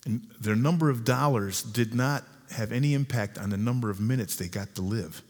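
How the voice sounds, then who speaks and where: A man preaching a sermon as pastor, earnest, repeating and slowing down key lines for emphasis. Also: medium pitch, darkish tone. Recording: long hall reverb.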